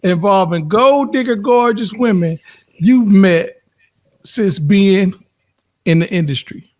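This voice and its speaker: A man co-hosting a podcast, asking questions in a halting way, repeating words as he starts. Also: high voice. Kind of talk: casual interview chat.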